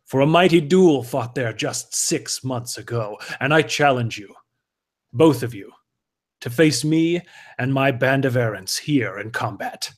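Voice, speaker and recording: A man's voice: mid-range voice, lively intonation, measured pace. A man voicing a haughty, arrogant male errant warrior who mocks and sneers. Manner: sneering, pompous, mocking laughs.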